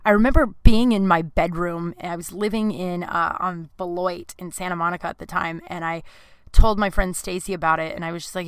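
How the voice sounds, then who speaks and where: A woman's voice: lowish voice, fairly even intonation, brisk, clean tone, no echo. A woman hosting a podcast, speaking in a personal confessional monologue, emotional and at times crying, with many "like" fillers. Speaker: podcast host. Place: closet at home.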